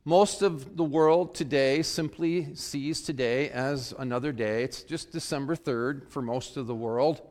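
A man's voice: mid-range voice, a little slow, few pauses, a little mellow. Man preaching in a reverberant church. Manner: earnest, with sudden emphatic rises on key phrases. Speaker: pastor. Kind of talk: sermon. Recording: long reverb of a large hall.

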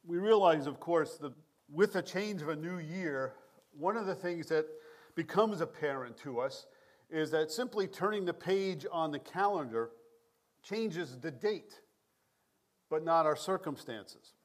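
A male pastor with a slightly higher voice delivers a sermon in a measured, prayerful cadence. His New York accent shows through at times. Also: expressive.

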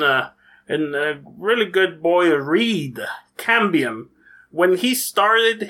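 A man voicing a gentle, human-sized male duck who is a school counselor, in a put-on Scottish accent and a soft, coaxing, fatherly manner. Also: high voice, heavily acted. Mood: fond. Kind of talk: tabletop role-play character voice.

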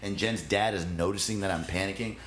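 A comedian guest telling a funny story in casual chat, laughing often and swearing freely. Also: male voice, low voice, fairly even intonation, a little fast, a bit bright, reverberant, a little hiss or hum.

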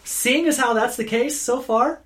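A man's voice: very high-pitched, unhurried, fairly bright tone, a little hiss or hum. Guy hosting a nerd podcast, teasing his buddy, laughs a lot. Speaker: podcast host. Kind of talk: casual chat.

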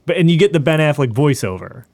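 A man's voice: on the high side, big pitch swings, quick pace, a little mellow, no echo. A man hosting a casual movie podcast, leading the talk and laughing often. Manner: laughs often, leads the rundown. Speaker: podcast host.

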